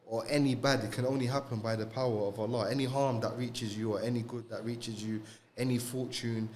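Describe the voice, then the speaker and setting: A man's voice: on the low side, a little mellow, a little hiss or hum. A young man, co-hosting a podcast and talking casually about faith in street slang, often adding "bro" and "you get me". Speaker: podcast co-host. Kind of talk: casual religious discussion.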